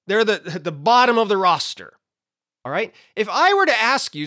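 A man's voice: high-pitched, very animated, moderate pace, sharp tone, no echo, studio quality. A man teaching the Bible in a conversational way, explaining with everyday examples and often checking in with his listeners.

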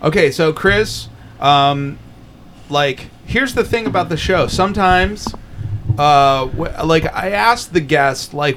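A man's voice: on the high side, unhurried, a bit bright, a little hiss or hum. A man hosting a podcast in casual banter, teasing his co-host and swearing often. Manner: crude, teasing, swears a lot.

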